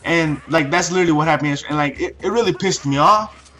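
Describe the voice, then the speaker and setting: Teenage guy with a bright voice. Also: fairly high pitch, fast. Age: late teens. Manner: heavy swearing, many fillers and restarts. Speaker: vlogger. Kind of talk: profane casual storytelling.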